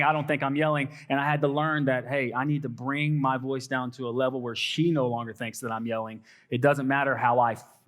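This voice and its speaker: A man's voice: mid-range voice, fairly bright tone. Texan guy leading a church panel, earnest and rambly. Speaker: panel host, college minister. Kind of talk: casual panel talk.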